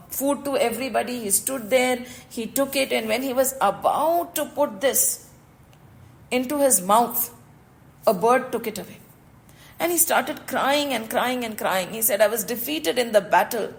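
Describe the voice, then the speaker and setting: Expressive Indian woman telling a scripture story. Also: on the high side, creaky, poor audio. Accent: Indian English. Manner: mixes English with Hindi phrases; expressive storytelling, asks listeners "right?". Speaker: spiritual teacher.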